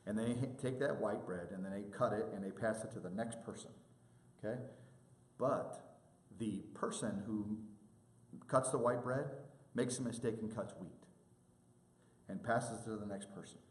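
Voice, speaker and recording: A man's voice: on the low side, moderate pace, pauses often, echoey room. A man giving a presentation to sports officials, telling stories and acting out the people he quotes. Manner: animated storytelling, acts out quoted people.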